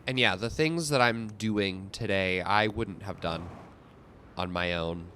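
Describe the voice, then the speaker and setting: A man's voice: sits low, unhurried, pushed and bright, a little hiss or hum. A young man casually talking through his gameplay, thinking aloud with lots of fillers. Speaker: gaming video host.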